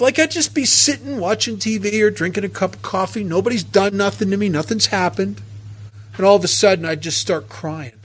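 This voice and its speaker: A man telling his own recovery story in a halting way, often repeating words as he restarts, with a wry sense of humor. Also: sits high, fairly bright tone, slightly rough. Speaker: speaker sharing a recovery story. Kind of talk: personal testimony talk.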